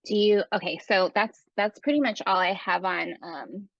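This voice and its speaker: A woman's voice: medium pitch, moderate pace, creaky, a bit bright, dry recording, muffled recording. A woman coach talking in an upbeat, encouraging way during an online workshop, with fillers. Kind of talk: casual workshop talk.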